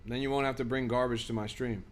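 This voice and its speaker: A man's voice: mid-range voice, fairly even intonation, quick pace. A young man streaming about crypto, reading viewer comments in a casual chat and ranting in exasperation with lots of swearing.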